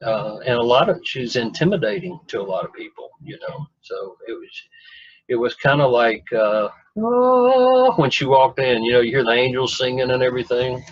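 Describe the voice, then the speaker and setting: A man with a husky, slightly rough voice tells a rambling, folksy story full of self-deprecating jokes. The recording is dry and a bit dull, like a lo-fi conversation capture. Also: medium pitch, fairly quick, no room sound. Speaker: guest telling his story. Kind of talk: casual storytelling.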